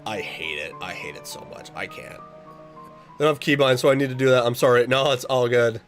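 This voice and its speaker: A man's voice: medium pitch, lively intonation, brisk, faint music behind. Earnest young man chatting on stream. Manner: earnest, rambling, reads chat aloud. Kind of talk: casual livestream chat with viewers.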